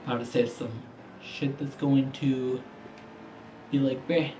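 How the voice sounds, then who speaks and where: A man's voice: medium pitch, little pitch movement, takes it slowly, warm tone, a little hiss or hum, rough recording. Slangy, profane male game streamer. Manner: profane, slangy trash talk. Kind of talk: casual gaming commentary.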